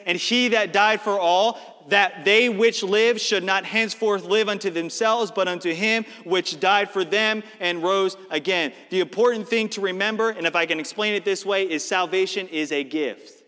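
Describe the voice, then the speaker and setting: A man's voice: high voice, sharp tone. A man preaching a sermon to an auditorium, teaching scripture in an explanatory, emphatic way. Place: large auditorium. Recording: reverberant hall.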